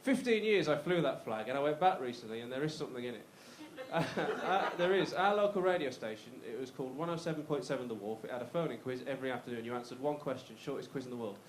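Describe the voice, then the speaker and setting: On stage at a comedy club, a Black Country man in his thirties from the West Midlands, England, rattles through his routine at a fast clip with hardly any pauses. His medium-pitched voice is expressive as he jokes at his own expense and chats with the crowd. Slight background noise colors the roomy live sound.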